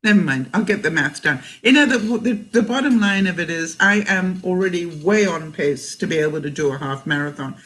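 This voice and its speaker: A woman's voice: on the low side, animated, brisk, hardly any pauses, fairly bright tone. An older woman from Canada, vlogging in a casual livestream chat, talking chattily, laughing often and reading viewer comments aloud.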